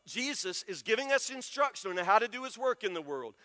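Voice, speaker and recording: A male pastor preaching a sermon in a church, emphatic and repeating key words, often dropping to soft, low stresses. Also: very animated, brisk. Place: church sanctuary. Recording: long reverb of a church hall.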